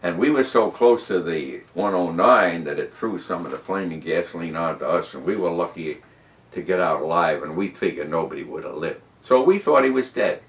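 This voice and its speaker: A man's voice: moderate pace, reverberant. A man in his nineties, a war veteran telling his story in an oral history interview with emphatic rises and drops. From United States. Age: 90s. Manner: animated, emphatic storyteller who rises and drops in pitch and loudness. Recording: voice from a distance off the mic.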